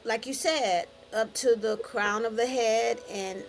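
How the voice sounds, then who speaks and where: A woman's voice: a little high, slow, a little hiss or hum, low-quality recording. A woman hosting an interview, encouraging and affirming her guest as she asks questions. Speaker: talk show host. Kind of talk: conversational interview.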